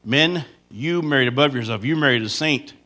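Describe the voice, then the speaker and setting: A man in his fifties telling comic stories to a church congregation, acting out loud impressions of himself and his wife. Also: medium pitch, moderate pace. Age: 50s. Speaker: comedian speaking at church. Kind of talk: comedic storytelling to a congregation. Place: church sanctuary.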